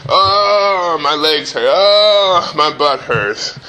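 A man imitating his worn-out twelve-year-old son, groaning and complaining in a drawn-out whine. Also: on the high side, expressive, bright, forceful tone, a little hiss or hum, voice pushed up, exaggerated voice, poor audio. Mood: whining.

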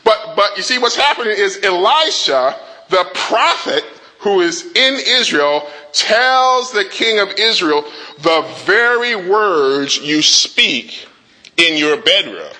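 A male preacher delivering an animated sermon, his voice bright and forceful and pitched a little high. He calls on the congregation to answer back. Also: slow pace, low-quality recording. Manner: animated, call-and-response with the congregation; dramatizes the king's rant in a rising voice.

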